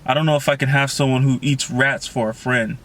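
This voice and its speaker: A man's voice: medium pitch, fairly even intonation, brisk, fairly bright tone, close to an everyday voice. A man reading the lines of a sarcastic, joking teenage boy from a novel. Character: wisecracking teenage boy, mocking.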